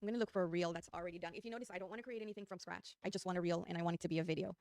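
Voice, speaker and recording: A woman's voice: lowish voice, steady tone, very fast, darkish tone, dry recording. A woman with a New Jersey accent giving a chatty, upbeat live screen-share tutorial, talking her viewers through each step as she clicks. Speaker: online design tutor.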